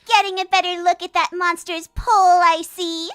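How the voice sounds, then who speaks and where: A man reading aloud and voicing a bubbly, teasing young female pony in a playful falsetto. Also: level tone, moderate pace, a bit bright.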